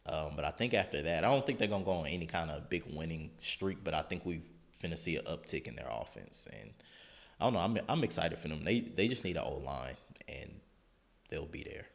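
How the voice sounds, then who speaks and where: A man co-hosting a football podcast, talking in a relaxed, slangy way with frequent ums. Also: a bass voice, brisk, creaky. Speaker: podcast co-host. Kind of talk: casual sports chat.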